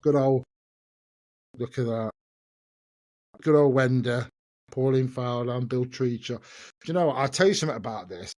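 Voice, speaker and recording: A man hosts a casual solo podcast, rambling and laughing at himself as he goes. His voice sits at an everyday middle pitch. The sound is dry and close, with no room echo. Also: normal speed, long pauses, a little mellow. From England. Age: 50s. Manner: chatty, self-mocking, laughs often. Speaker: podcast host.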